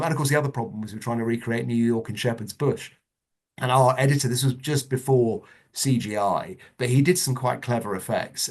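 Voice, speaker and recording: A middle-aged man, a guest in a casual interview, telling anecdotes in a chatty way with lively asides. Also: mid-range voice. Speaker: interview guest, former children's TV producer.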